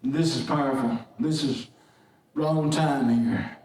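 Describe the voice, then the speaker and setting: A man preaching a fervent call-and-response sermon, chanting and shouting his lines. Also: mid-range voice, slow pace. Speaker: guest preacher. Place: large echoey church sanctuary. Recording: echoey sanctuary from far off. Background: congregation responding.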